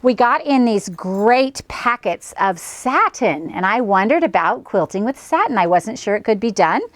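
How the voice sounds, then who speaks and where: A woman's voice: mid-range voice, animated, moderate pace. Cheerful chatty woman teaching quilting. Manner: chatty, cheerful, folksy with fillers. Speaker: quilting tutorial host. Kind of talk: friendly craft demonstration.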